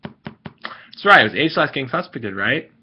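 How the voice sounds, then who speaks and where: Vlogger, male, mid-pitched, rambling and irritated, fillers and restarts throughout, muffled lo-fi home recording. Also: sing-song, normal speed, a little hiss or hum. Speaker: video host ranting to viewers. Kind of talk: casual vlog rant. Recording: dull lo-fi recording.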